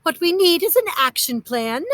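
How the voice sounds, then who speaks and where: A fussy, prim older aunt, played by a woman reading a storybook, who scolds and huffs with indignation. The voice is high and bright, dry and close to the mic. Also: very animated, normal speed, no room sound, full character voice. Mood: grumbling.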